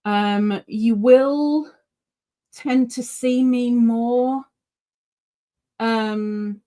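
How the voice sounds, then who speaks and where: A woman's voice: fairly high pitch, steady tone, very slow, dark tone. A British woman hosting a casual live yarn stream, chatty and rambling, full of fillers and restarts, cooing now and then at her pet. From Britain. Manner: coos baby-talk at her pet. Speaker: yarn channel host.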